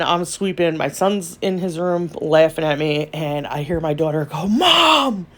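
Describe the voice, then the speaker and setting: A woman's voice: deep voice, vocal fry, a little mellow. A woman hosting a nail art channel, telling stories in a rambling, chatty voiceover, laughing often and calling her viewers y'all. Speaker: nail art YouTuber and host.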